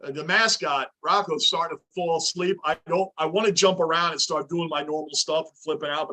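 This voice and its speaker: A man's voice: a little high, pushed and bright. A man hosting a live sports reaction stream from his home basement, ranting intensely as a frustrated fan. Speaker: livestream host.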